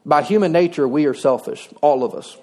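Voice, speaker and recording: High-voiced folksy preacher man. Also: a little fast, a little mellow. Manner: folksy, conversational preaching with humor. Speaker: pastor. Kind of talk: sermon.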